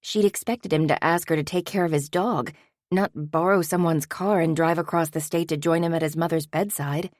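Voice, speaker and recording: Reading from a script, a low-pitched female narrator delivers an audiobook in steady, measured storytelling. The sound is dry and of studio quality.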